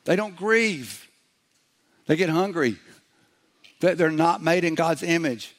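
A middle-aged man preaching a sermon in a conversational way, slipping into quick acted-out voices as he goes. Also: on the high side, lively intonation. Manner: conversational preaching, acts out little quoted voices. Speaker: pastor.

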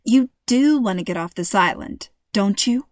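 A woman's voice: medium pitch, lively intonation, moderate pace, a little mellow, dry recording, clean studio sound, natural voice. A woman voicing a wry, impatient teenage girl in a storybook reading, with a sarcastic, teasing manner.

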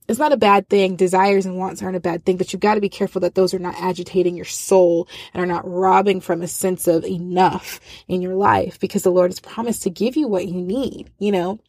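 Lady talking faith stuff, kinda low voice, chatty and earnest, dry close sound. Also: gravelly, a little mellow, no echo. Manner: earnest and conversational, with frequent fillers and restarts. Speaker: christian speaker. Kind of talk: casual devotional talk.

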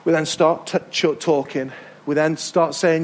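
A man's voice: a little high, steady tone, a little slow. An English man preaching a sermon as pastor, telling a travel story with emphatic repetitions. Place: church hall.

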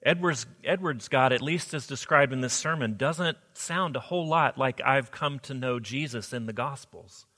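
A man's voice: medium pitch, normal speed, hardly any pauses, pushed and bright. A man preaching a sermon as pastor, earnest, often asking the congregation rhetorical questions. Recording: long hall reverb.

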